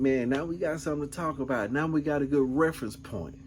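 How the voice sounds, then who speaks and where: A man's voice: fairly high pitch, quick pace, a little hiss or hum. Laid-back rambling man telling stories. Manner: laid-back, rambling, peppered with "man" and "you know what I'm saying". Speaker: vlogger. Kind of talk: casual storytelling.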